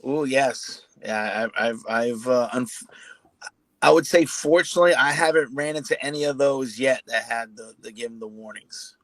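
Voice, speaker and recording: A man's voice: mid-range voice, moderate pace, fairly bright tone, no room sound, rough recording. Man with a New York accent. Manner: rambling, restarting anecdotes. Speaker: army recruiter. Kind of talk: casual video call interview.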